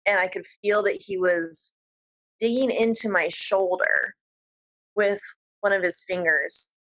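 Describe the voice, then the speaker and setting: A woman guest on an interview show, telling a personal story in a lively, giggly way. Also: medium pitch, a little slow, poor audio. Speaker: podcast guest.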